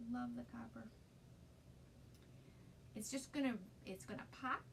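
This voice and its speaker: A woman demonstrating a craft project on a live stream, gushing with excitement and greeting viewers by name. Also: a little high, distant mic, noisy background.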